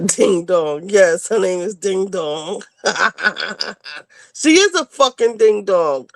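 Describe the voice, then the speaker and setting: Slow-talking excitable woman streamer. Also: medium pitch, vocal fry, no echo. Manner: excitable, shouts and near tears over new supporters. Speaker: livestream host. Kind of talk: casual livestream chat.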